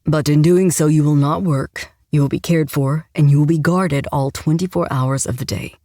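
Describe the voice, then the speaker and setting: A woman voicing a commanding, protective male enforcer who speaks in a measured, formal way for an audiobook. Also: low voice, fairly even intonation, warm tone, dry recording, studio quality, natural voice. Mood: calm, firm. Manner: measured, formal, unhurried speech. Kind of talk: audiobook narration.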